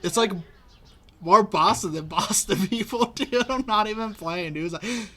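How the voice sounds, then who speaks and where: A man's voice: sits high, moderate pace, bright, forceful tone. A young man co-hosting a podcast, rambling, laughing often and calling his friend dude. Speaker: podcast co-host. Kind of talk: casual chat.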